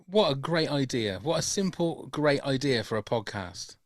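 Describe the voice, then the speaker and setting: A man's voice: mid-range voice, lively intonation, normal speed, no room sound, clean studio sound. A man hosting a podcast, chatting with enthusiasm and lots of restarts. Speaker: podcast host. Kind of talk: casual podcast chat.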